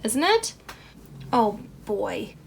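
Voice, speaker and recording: A woman's voice: on the high side, sing-song, extremely slow, vocal fry, breathy edge. A young woman talking to herself as she crochets a toy, chatty and self-deprecating, laughing at her own mistakes. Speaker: crochet vlogger. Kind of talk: casual self-talk while crafting.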